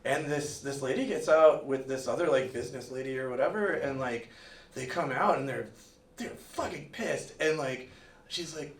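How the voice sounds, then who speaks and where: A man's voice: mid-range voice, normal speed. A man from Miami tells a personal story at a live storytelling night, talking loosely with lots of fillers, recorded in an echoey room from far off. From Miami, USA. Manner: rambling, loose, full of "like" fillers. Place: museum event room, live audience.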